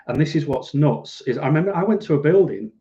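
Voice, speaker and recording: Rambling middle-aged man, mellow voice. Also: on the high side, animated, fast, muffled recording. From United Kingdom. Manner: rambling, self-deprecating, reads out viewer comments. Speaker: live streamer. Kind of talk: casual live-stream chat.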